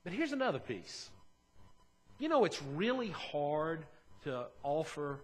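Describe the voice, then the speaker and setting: Man, pastor, sermon, earnest, conversational, shifts between soft and emphatic. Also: on the high side, sing-song, a little slow.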